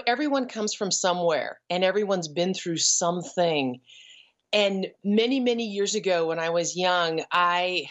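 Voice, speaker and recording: A middle-aged woman giving an earnest, emotional personal testimony as a guest, pausing and restarting as she tells her story. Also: on the low side. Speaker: guest, ranch founder. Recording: dull lo-fi audio.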